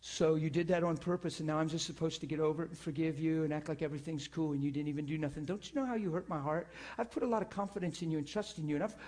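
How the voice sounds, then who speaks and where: A preacher voicing God as a stern scolding parent. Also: male voice, a little high, fairly even intonation, very fast, hardly any pauses, a little mellow, voice pushed down, natural voice. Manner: lecturing, reproachful rhetorical questions. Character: stern disappointed God scolding a young girl.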